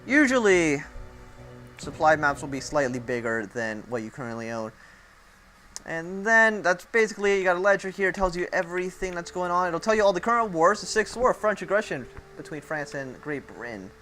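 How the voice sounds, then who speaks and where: A man's voice: sits high, animated, a little fast, bright, forceful tone, faint music behind. A young man giving a casual, rambling walkthrough of a strategy game, thinking aloud and making self-mocking asides. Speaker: gameplay commentator.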